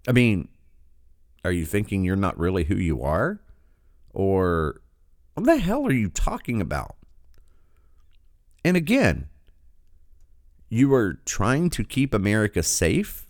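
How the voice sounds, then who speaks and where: A man with a fairly low voice that swings wildly in pitch as he reacts with sarcasm and disbelief. He delivers his commentary in a dry, close recording with no room sound. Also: huge pitch swings, a little slow, pauses often, darkish tone, no echo. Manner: sarcastic, incredulous, interrupting.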